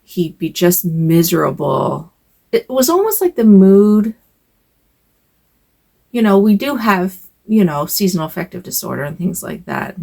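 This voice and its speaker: Older woman vlogger, casual home chat, hesitant and rambling, low gravelly voice. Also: a little mellow. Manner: rambling, hesitant, with sighs and fillers.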